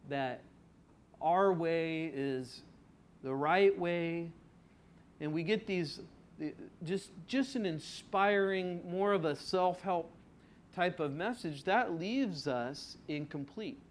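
Slow, deliberate male pastor preaching. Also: a little high, slight background noise. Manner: conversational, with rhetorical questions to the congregation; drawn-out emphasis on key words. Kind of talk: expository sermon.

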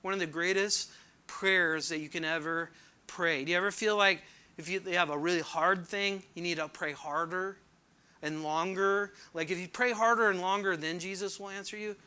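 A man preaching a sermon, reading scripture slowly and asking the listeners earnest questions. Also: high voice, steady tone, pushed and bright, clean tone. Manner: earnest, rhetorical questions, slows to read scripture. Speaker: pastor.

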